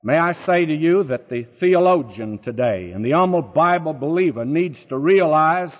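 A man's voice: on the high side, lively intonation, normal speed. A man teaching a Bible sermon in a folksy, emphatic way, asking rhetorical questions. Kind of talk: radio sermon. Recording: tinny, phone-like sound with long reverb.

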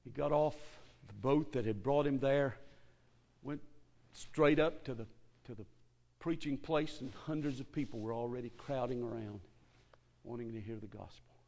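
A male Baptist preacher delivers a church sermon at a moderate pace with vocal fry, shifting from soft, low talk to shouted peaks and repeating key phrases for emphasis. The recording is dull and lo-fi.

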